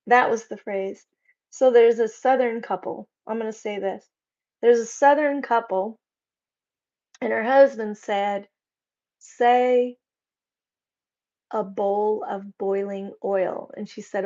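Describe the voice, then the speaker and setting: A woman hosting a casual live chat, reading out viewers' comments and joking around with a quick laugh. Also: fairly high pitch, steady tone, a little mellow. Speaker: livestream host. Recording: slightly dull lo-fi stream audio.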